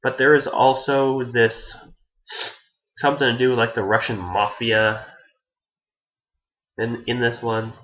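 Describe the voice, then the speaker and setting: A man talks through an anime plot in a loose, rambling review. His voice sits at an ordinary mid pitch, and he restarts his sentences and swears casually. The recording is dull and lo-fi. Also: flat delivery, a little slow, pauses often, a bit bright.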